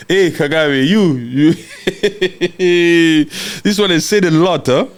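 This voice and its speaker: This Congolese man, a live-stream political commentator, speaks very slowly in a fairly high voice. His rant is impassioned and mocking; he repeats words for emphasis and responds to viewer comments.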